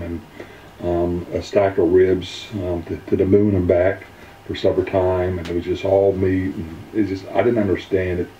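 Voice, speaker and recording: A man giving an earnest personal testimonial, halting and full of filler ums. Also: sits low, warm tone, slight background noise. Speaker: weight-loss testimonial speaker. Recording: roomy, distant, dull mic.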